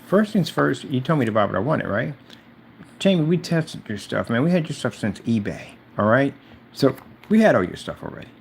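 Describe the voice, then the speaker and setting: In a mid-range, creaky voice, this man talks fairly fast and with a lot of animation, with slight noise behind him. His words form a mocking rant at an absent target, full of confrontational taunts he keeps repeating.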